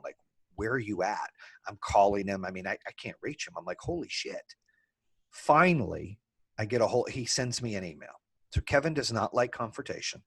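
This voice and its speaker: A fairly low-pitched voice with a breathy edge belongs to a man describing how he built his business. He speaks animatedly and candidly, swears freely, and reenacts both halves of former quarrels.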